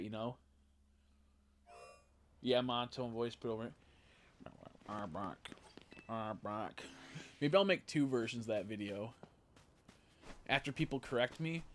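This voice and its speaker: A man streaming a video game, chatting casually and rambling, swearing often and reacting excitedly to what happens on screen. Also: mid-range voice, slight background noise. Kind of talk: casual live-stream commentary while playing.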